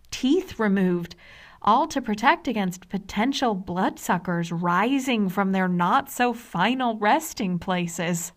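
A woman in her forties from the US hosting a scripted explainer podcast, wry and conversational with dry humor. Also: medium pitch. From United States. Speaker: podcast host.

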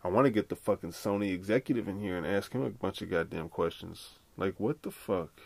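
A man's voice: sits low, a little fast, gravelly, a little mellow, dry recording. A man hosting a podcast on his own, talking in a loose, rambling way and swearing freely. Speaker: podcast host. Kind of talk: casual solo podcast chat.

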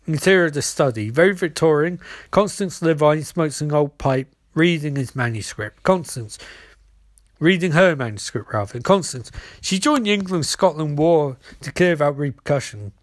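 Man, screenplay read-through, stage directions, slightly high voice, dry sound. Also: lively intonation, normal speed, no echo. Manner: reads stage directions aloud, frequent slips. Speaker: narrator reading a screenplay.

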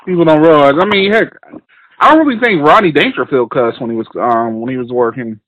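A man's voice: on the high side, brisk, a bit bright, no echo, low-quality recording. A man hosting a podcast, chatting casually and agreeing easily with his guest. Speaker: podcast host.

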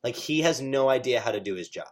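Chatty animated man telling stories. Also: mid-range voice, quick pace. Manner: animated storyteller, chatty, lots of fillers. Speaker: stage actor, guest. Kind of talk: casual interview chat.

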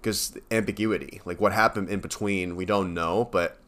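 A man's voice: deep voice, steady tone, moderate pace, a bit bright. A man co-hosting a podcast, chatting casually with many fillers and self-corrections. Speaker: podcast co-host. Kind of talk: casual chat.

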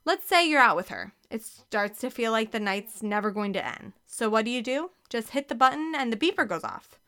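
A woman voicing Eddie, a brash, scheming man who talks in a pushy, excitable way. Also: on the high side, normal speed, clean tone.

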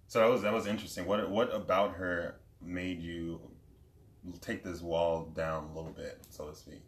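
A man hosting an interview, asking gentle questions and affirming the guest often. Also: deep voice, fairly even intonation, normal speed, roomy sound. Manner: supportive, with frequent affirmations. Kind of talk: podcast interview.

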